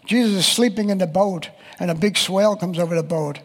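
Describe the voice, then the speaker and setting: Preacher, male, high pitched and husky, reading scripture in an echoing hall. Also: fairly quick. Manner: reads scripture aloud and quotes voices of the text. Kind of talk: sermon.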